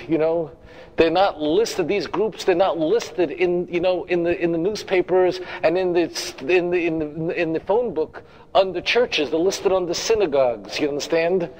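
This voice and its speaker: A rabbi delivering a lecture, his voice sitting a little high for a man. He hammers his points home by repeating them and keeps checking in with the listeners. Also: poor audio. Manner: emphatic, repeats phrases, direct asides to the audience. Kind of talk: lecture to a congregation.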